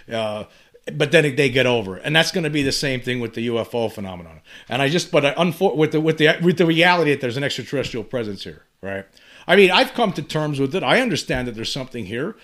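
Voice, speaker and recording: Talking straight to camera, this fifty-something channel host has a mid-range, somewhat bright voice. He rambles with passion, repeating words and starting sentences over while working up to urgent appeals.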